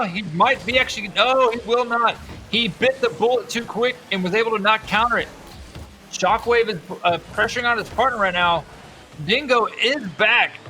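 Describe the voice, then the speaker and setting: Bright high-voiced young male commentator. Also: slight background noise. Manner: energetic, jokey, quick exclamations. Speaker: esports commentator. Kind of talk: live play-by-play commentary.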